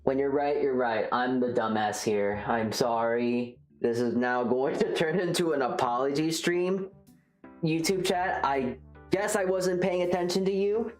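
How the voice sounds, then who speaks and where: A woman's voice: a bass voice, measured pace, darkish tone, faint music behind. A woman streamer chatting casually and rambling, joking at her own expense while reacting to chat. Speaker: livestreamer. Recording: roomy echo.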